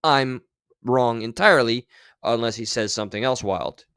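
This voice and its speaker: A man talking loosely and sarcastically as he reacts to clips, full of asides and fillers. His voice sits at a middle pitch and sounds dry and close, with no room around it. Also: moderate pace, fairly bright tone, clear, resonant tone, no echo. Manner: sarcastic, rambling. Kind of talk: casual reaction commentary.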